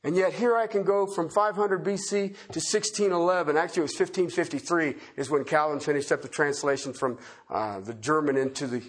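Husky-voiced man preaching a folksy sermon. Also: fairly high pitch. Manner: folksy, swings between loud emphatic and quiet asides with chuckles.

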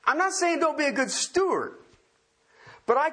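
A man's voice: extremely high pitch, very animated, moderate pace, sharp tone. A man preaching a sermon in a folksy, emphatic way, firing off rhetorical questions and repeating key words.

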